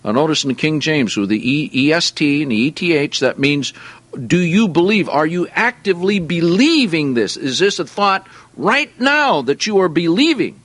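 A man teaching a sermon with a fairly high, animated voice that rises and falls a lot. He reads scripture aloud and then comments on it in everyday language. The sound is dry, with no room echo. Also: moderate pace, hardly any pauses. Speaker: preacher.

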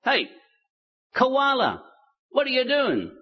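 A man voicing a small, giddy male lizard in a joke, in a high, excitable, husky voice. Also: slow pace, long reverb tail, muffled recording, exaggerated voice. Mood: eager.

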